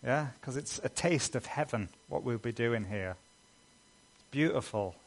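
A man's voice: mid-range voice, animated, a little slow. A man preaching a sermon as a pastor, earnest and emphatic, building lists of repeated phrases.

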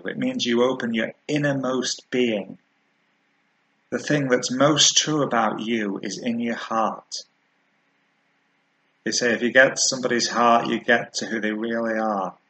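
A man preaching a sermon, earnest and measured, slowing down to stress key words. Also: mid-range voice, a bit bright, poor audio.

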